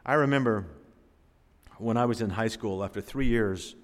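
A man's voice: on the low side, moderate pace. A man from Florida preaching a sermon in a church, telling a personal story in a folksy, conversational way and speaking directly to the congregation. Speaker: pastor. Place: church sanctuary. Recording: long reverb of a church hall.

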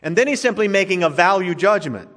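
A man's voice: high voice, lively intonation, a little fast, a bit bright. A male pastor preaching a sermon in a conversational, joking way, in a church sanctuary. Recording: long reverb of a large hall.

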